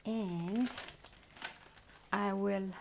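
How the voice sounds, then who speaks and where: A woman chatting casually with viewers as she cooks live in her home kitchen, often pausing to search for words. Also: medium pitch, fairly even intonation, creaky, slight background noise. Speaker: streamer cooking live. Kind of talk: casual live-stream cooking chat.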